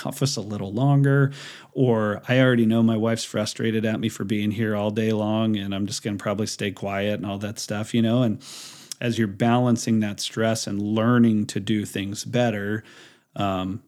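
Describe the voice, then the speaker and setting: A man's voice: lowish voice, darkish tone. A man in his forties, a business owner, talking casually as a podcast guest, with a loose story-telling style full of restarts. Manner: rambling storyteller with many fillers and restarts. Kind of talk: casual interview talk.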